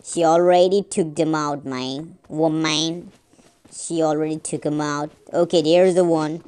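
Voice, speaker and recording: Casting: a low-pitched woman, slow, rambling gameplay commentary. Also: fairly even intonation, a little mellow, a little hiss or hum. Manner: rambling, repeats itself and corrects its own slips. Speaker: gamer.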